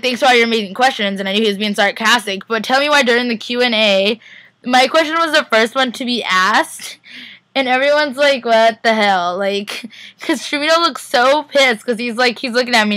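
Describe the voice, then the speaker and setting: A young woman from Northern California rambles through a fan convention recap, her speech peppered with "like" and quoted exchanges. Her voice is bright and a little high. The sound is dry and close. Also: no room sound. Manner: chatty, rambling, lots of "like". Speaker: fan vlogger. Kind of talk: casual recap vlog.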